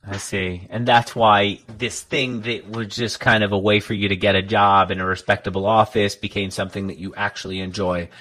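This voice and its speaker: A man's voice: lowish voice, level tone, normal speed, few pauses, sharp tone. A man interviewing a guest in conversation, probing with follow-up questions and checking back on details.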